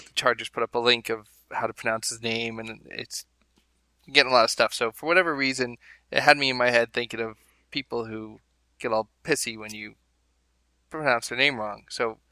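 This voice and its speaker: Bright-voiced man chatting casually. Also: mid-range voice, dry recording. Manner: chatty, rambling, amused asides. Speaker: podcast co-host. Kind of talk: casual chat.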